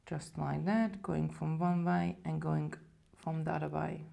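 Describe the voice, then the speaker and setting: A woman's voice: deep voice, level tone, unhurried, gravelly, mellow. A woman presenting a live beading tutorial, chatting casually and talking viewers through each step as she works. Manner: chatty, talks viewers through steps while working.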